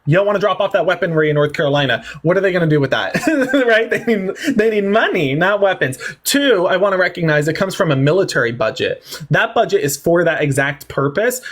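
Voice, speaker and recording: A man hosting a livestream political debate, talking fast, mocking and sarcastic, with theatrical swings in tone. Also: sits high, expressive, fairly bright tone.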